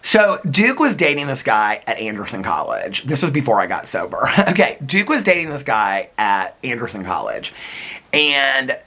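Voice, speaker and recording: A man chats to his vlog audience, rambling through a story with constant fillers and easy laughter. His voice swoops lively up and down and has a bright, slightly husky tone. It sounds recorded casually outdoors. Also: medium pitch, moderate pace. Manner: chatty and rambling, many fillers, frequent laughter, squeals. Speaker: vlogger.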